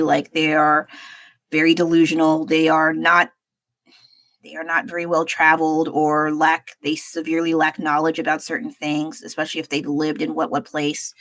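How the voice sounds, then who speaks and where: Woman streamer, lowish voice, dry close sound, loose rambling chat while painting, a bit unwell. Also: fairly bright tone, no room sound, poor audio. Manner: rambling, sighing and laughing. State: under the weather. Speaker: art livestreamer.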